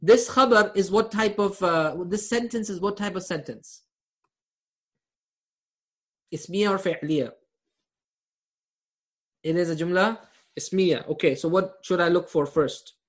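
A man's voice: high-pitched, normal speed, fairly bright tone. A man teaching a live online grammar class over a video call, quizzing his students and laughing at his own jokes.

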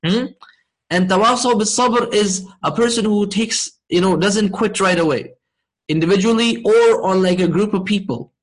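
A man with a high voice teaches a class on Arabic grammar. He breaks each point down step by step and keeps checking that his students follow. He recites verses in quick bursts. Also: rough recording. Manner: explains step by step, checks in with "hmm?" and "okay?". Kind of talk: classroom lesson explaining Quranic grammar.

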